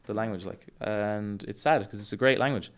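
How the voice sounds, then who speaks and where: A young Irish man, a jiu-jitsu coach, talking in a relaxed, enthusiastic way on a casual podcast. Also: lowish voice, normal speed.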